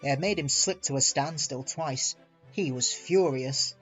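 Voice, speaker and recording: A man's voice: a little high, unhurried. Man reading a storybook aloud. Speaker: narrator. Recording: muffled recording with soft music.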